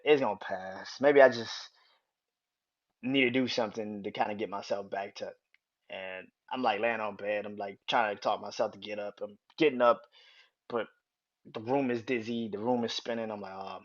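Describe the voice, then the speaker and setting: A man's voice: fairly low pitch, steady tone, normal speed. A man hosting his own podcast, casually telling a personal story in a rambling, repetitive way, swearing freely and chuckling often. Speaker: podcast host. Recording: dull lo-fi sound.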